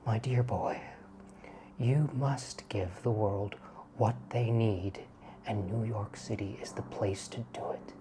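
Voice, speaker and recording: A man putting on the voice of an elderly, deep-voiced woman with a transatlantic accent, hushed and slow, full of conviction, in a whispered role-play. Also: noisy background. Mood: earnest urging.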